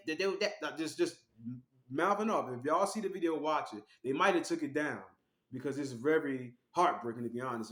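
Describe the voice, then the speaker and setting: Higher-voiced man in an echoey room. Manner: animated, acts out quoted voices. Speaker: online commentator. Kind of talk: casual storytelling commentary.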